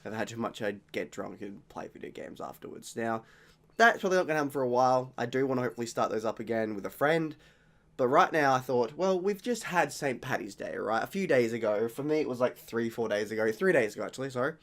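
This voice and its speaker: A young Australian man speaks fast and animatedly, his medium-pitched voice a bit bright, as he hosts a casual beer-tasting vlog on his channel. He chats and rambles, often correcting himself mid-thought.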